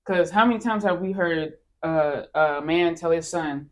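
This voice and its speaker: A woman speaking emphatically in a casual podcast chat, telling stories with animated, punchy delivery. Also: low voice, measured pace.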